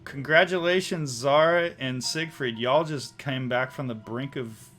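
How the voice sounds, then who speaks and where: A man narrating as game master, in a slow, hushed style with pauses. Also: medium pitch.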